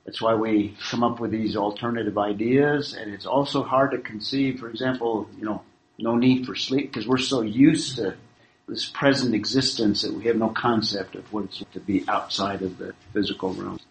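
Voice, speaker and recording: A man's voice: on the low side, a little hiss or hum, low-quality recording. Man teaching a Bible lecture. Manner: measured, explanatory, reads scripture aloud. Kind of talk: classroom lecture.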